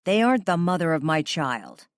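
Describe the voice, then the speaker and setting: A gruff, irritated rock star, voiced by a woman narrator who answers curtly and sarcastically. The voice stays low and the sound is dry and close. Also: very animated, normal speed, no room sound. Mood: gruff, annoyed.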